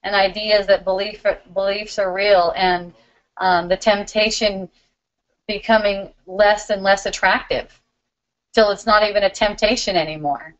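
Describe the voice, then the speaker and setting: A middle-aged woman hosting a live spiritual question-and-answer stream, talking in a warm, giggly, loving way. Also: mid-range voice, steady tone, a little slow, highs cut off.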